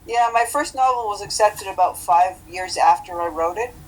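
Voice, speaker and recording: A woman's voice: mid-range voice, moderate pace, poor audio. A woman in her forties from British Columbia, a novelist guest in a casual interview, wry and self-deprecating, often laughing at herself. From British Columbia, Canada. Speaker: novelist and webcomic creator, guest.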